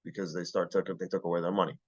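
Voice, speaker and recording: A man's voice: low-pitched, flat delivery, racing, breathy edge, dull audio. A man giving a casual classroom lecture, blunt and profane, who keeps checking whether the class understands.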